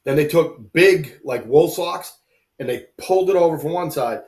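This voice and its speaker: A man's voice: on the high side, normal speed, darkish tone. A man hosting a live stream, a former infantry grunt, chatting casually and telling rambling stories full of "like" and "you know". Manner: rambling, filler-heavy storytelling. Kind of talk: casual chat.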